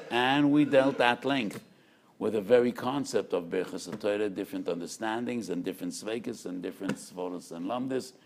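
A man, a rabbi, giving a measured, emphatic Torah lecture with storytelling. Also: lowish voice, slight background noise.

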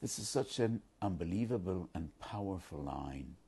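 A man's voice: low voice, expressive, moderate pace, dark tone, slightly rough. A man teaching the weekly Torah portion as a rabbi, speaking earnestly and emphatically and weaving Hebrew quotes into English. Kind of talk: Torah lesson sermon.

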